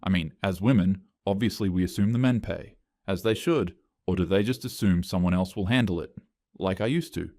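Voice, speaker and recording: A man's voice: low-pitched, a little fast, dark tone, no room sound. A man narrating a scripted first-person story in short, dry, clipped phrases.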